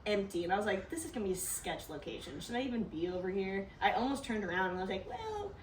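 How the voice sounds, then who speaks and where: Speaking quickly in a medium-pitched voice, this young podcast co-host chats casually through a story, performing the quoted lines amid plenty of laughter. There's a little hiss or hum, plus an echoey room with her somewhat far from the microphone.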